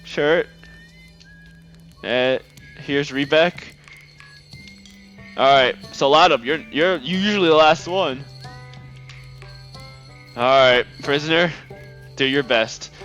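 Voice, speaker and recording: A young man doing emotional, excitable let's-play commentary on a game. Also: on the high side, takes it slowly, pauses often, lo-fi sound, soft background music. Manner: excitable, emotional, gasping reactions. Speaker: game streamer.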